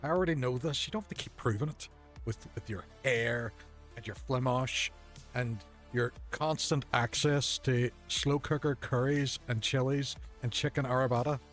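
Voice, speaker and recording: At a normal speed and with a somewhat bright tone, this mid-range male voice belongs to a streamer playing a game from his desk at home. He chats casually, joking and teasing himself, while faint game music runs behind.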